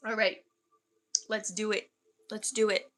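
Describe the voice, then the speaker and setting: A woman energy healer, leading a soft, slow guided meditation and then chatting warmly and effusively with viewers on a livestream. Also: medium pitch, little pitch movement. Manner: effusive, affectionate chat with viewers. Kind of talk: guided energy healing and casual livestream chat.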